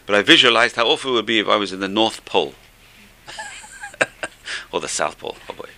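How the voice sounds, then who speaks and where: A man with a lowish, gravelly voice and a very bright, forward tone gives an informal religious talk. He seems to be a rabbi teaching a class. He tells stories in a chatty way, repeats his key phrases and chuckles between points. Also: very animated, brisk.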